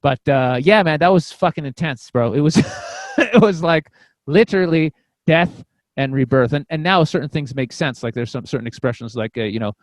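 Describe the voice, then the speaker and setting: A man's voice: fairly high pitch, lively intonation, normal speed, no room sound. A man guesting on a podcast, telling a personal story in a casual, rambling way, swearing freely and restarting his sentences often. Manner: rambling, profane, frequent restarts.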